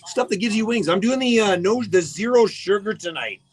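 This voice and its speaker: A fairly high-voiced man hosts a live radio show, chatting loosely and joking as he calls out listeners by name. Faint music plays quietly under his voice. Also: lively intonation, fairly quick, husky. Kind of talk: casual live radio chat.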